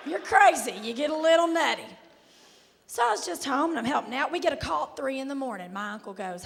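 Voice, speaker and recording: A woman from Kentucky with a Southern accent and a raspy voice, performing a sassy stand-up set. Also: high-pitched, animated, a little fast. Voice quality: raspy, hoarse-sounding voice all the time. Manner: sassy, drawling, loud bursts to the crowd. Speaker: stand-up comedian. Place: large theater stage. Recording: live stage with hall echo, faint noise.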